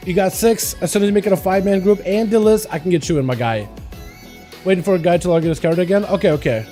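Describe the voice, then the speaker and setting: A man from Russia, streaming and casually chatting with viewers, then giving brisk play-by-play commentary on game duels, sometimes stumbling over his words. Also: high voice, mellow, faint music behind.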